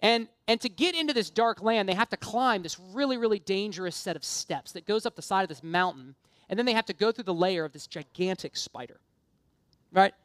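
A woman's voice: mid-range voice, expressive, a little fast, dry recording. Woman preacher, mid-range voice, earnest and fervent sermon delivery with chatty asides, dry close mic. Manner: earnest and impassioned, rising to emphatic appeals; conversational asides with light self-deprecation.

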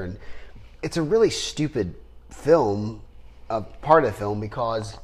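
A man co-hosting a podcast, chatting casually and rambling with animated bursts of laughter. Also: lowish voice, a little slow, pauses often. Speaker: podcast co-host. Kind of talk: casual chat.

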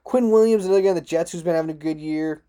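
A man hosting a solo sports talk show, ranting in a frustrated, rambling way, swearing and jumping sharply up in pitch. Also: very fast, warm tone. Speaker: podcast host.

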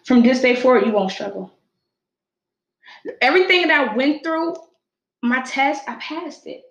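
The podcast host, a young adult woman with a voice that sits high, narrates her own experiences at a measured pace in warm, casual talk. Her storytelling is expressive, with quotes acted out along the way. The room echoes.

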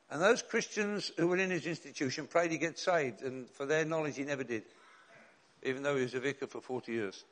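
A man's voice: medium pitch, fairly bright tone. An older man, a bishop and chaplain preaching a sermon in an earnest, direct way with rhetorical questions and repeated refrains.

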